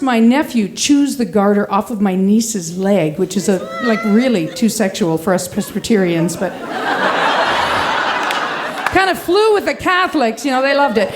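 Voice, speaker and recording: A woman in her fifties telling a personal story on stage at a live storytelling event, animated and laughing as she acts out the people in it. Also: on the high side, a little hiss or hum.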